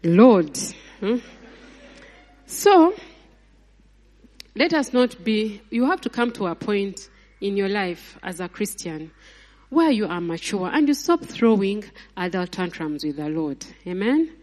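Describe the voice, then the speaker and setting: Animated woman preaching in a reverberant hall. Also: a little slow, pauses often. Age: adult, married mother. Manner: lively, animated, with laughs and sudden high exclamations; acts out voices of people and God in her retelling. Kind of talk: sermon.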